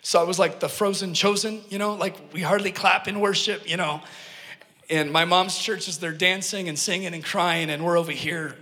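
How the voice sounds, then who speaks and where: A man's voice: high voice, steady tone, normal speed, sharp tone. A man preaching a sermon in a church hall. He is earnest and emphatic, and he tells personal stories with joking asides to the congregation. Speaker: pastor. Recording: echoey hall reverb.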